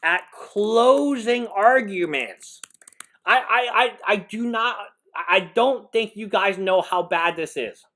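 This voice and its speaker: A man's voice: high voice, takes it slowly, bright, forceful tone. A man, a lawyer, giving live reaction commentary, incredulous and laughing, rambling with restarts.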